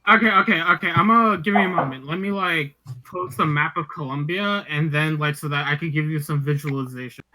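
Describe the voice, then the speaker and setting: A man's voice: on the high side, brisk, sharp tone, low-quality recording. A young man in casual chat with friends, rambling with many filler words and frequent swearing.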